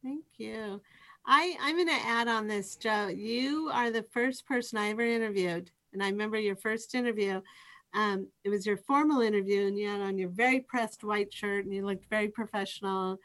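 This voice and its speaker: A middle-aged woman, a professor and youth program director, telling stories as a guest on a podcast, lively and full of false starts. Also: medium pitch, normal speed. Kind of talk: conversational interview storytelling.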